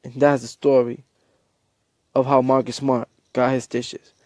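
A man hosting a casual show, telling a comedic story in a rambling, animated way and acting out quotes. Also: medium pitch, a little slow, no room sound. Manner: animated, acts out quotes, self-interrupting. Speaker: host.

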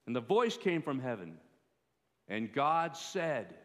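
A man preaching a sermon as pastor, in a measured way that rises for pleas. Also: mid-range voice, big pitch swings, fairly bright tone. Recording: long hall reverb.

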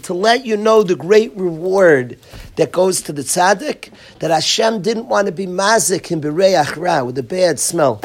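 A man teaching a Torah lesson to a class of boys, animated and sarcastic, calling on students by name. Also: sits high.

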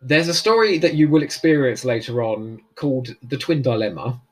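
A man's voice: mid-range voice, normal speed. A man chatting casually as a podcast co-host, enthusiastic and full of trivia. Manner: animated, enthusiastic, fond of trivia. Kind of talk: casual chat.

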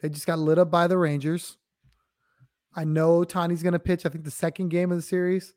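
A man's voice: a little high, flat delivery, a little fast, a little mellow. A man co-hosting a sports podcast, explaining plays in laid-back slang. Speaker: guest co-host. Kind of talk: casual sports chat.

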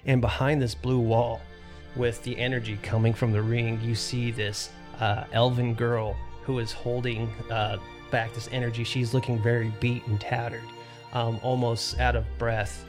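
Even-toned man narrating as game master. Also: mid-range voice, moderate pace, over music. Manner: calm, even descriptive narration with fillers.

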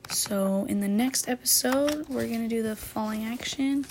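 Woman, book talk host, chatty, gravelly fry, faint hiss behind. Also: a little high, normal speed, darkish tone. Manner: chatty, filler-heavy, says "like" constantly. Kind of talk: casual plot retelling.

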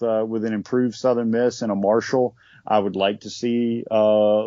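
Low-voiced man in casual sports chat. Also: dry recording, highs cut off. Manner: relaxed, conversational, with many fillers. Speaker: podcast co-host.

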